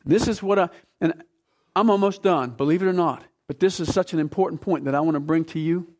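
A man's voice: on the high side, brisk, darkish tone. A man in his fifties, a pastor preaching a sermon, building from plain talk into fervent, emphatic questions.

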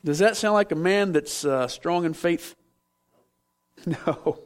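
Animated high-voiced male preacher. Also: takes it slowly. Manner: animated, acts out biblical figures, asks audience to respond. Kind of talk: sermon. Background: audience in room.

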